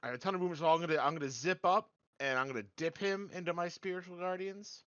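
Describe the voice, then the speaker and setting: A man's voice: sits high, fast, fairly bright tone, no room sound. A man playing a tabletop game, eager and swearing casually as he declares his moves. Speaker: player. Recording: slightly muffled lo-fi audio.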